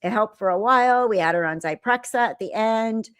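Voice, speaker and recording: A woman's voice: fairly high pitch, a little fast, a bit bright, clean tone, dry recording. A middle-aged woman hosting a live stream, chatting casually with her viewers and telling stories animatedly. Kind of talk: casual live commentary reading chat.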